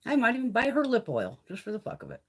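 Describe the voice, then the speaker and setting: A woman talks casually on a live beauty stream while she does her makeup. She is blunt and swears constantly, and her pitch jumps up and down as she chats. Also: wildly swooping pitch, fast, husky. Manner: profane, chatty and blunt. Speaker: beauty vlogger.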